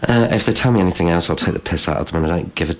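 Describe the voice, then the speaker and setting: A man's voice: deep voice, very fast. A man, a club owner guest, talking bluntly with plenty of ums and swearing. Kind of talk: casual chat.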